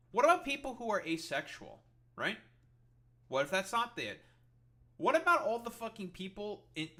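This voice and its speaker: A man's voice: on the high side, sharp tone. A man streamer reacting to a clip, ranting in a heated, sarcastic, profane way. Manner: sarcastic, heated, swears constantly.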